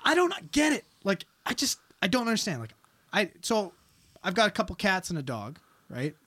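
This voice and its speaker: A man telling stories in casual chat, animated and swearing constantly, talking about his work as an emergency responder. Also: high-pitched, normal speed. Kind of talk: casual profane chat and storytelling.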